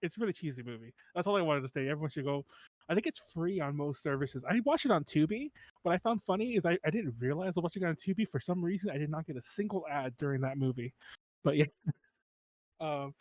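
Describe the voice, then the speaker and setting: A man's voice: a little high, lively intonation, fast, a little mellow, dry recording. A man co-hosting a podcast in casual chat, rambling, swearing and laughing often. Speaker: podcast co-host.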